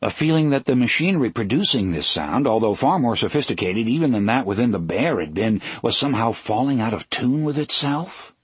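A man narrating an audiobook in a measured, dramatic storytelling manner, slowing down for emphasis. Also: mid-range voice, animated, breathy edge, no echo. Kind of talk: scripted narration.

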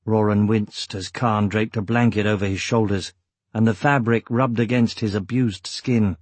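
Husky-voiced male audiobook narrator. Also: on the low side, steady tone, normal speed, darkish tone, dry recording. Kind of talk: scripted narration.

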